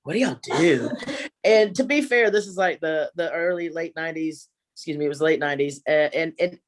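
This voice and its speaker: A woman's voice: sits low, a little fast. A woman doing a stand-up comedy set at home, chatty and self-mocking, laughing at her own jokes. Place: home, virtual show.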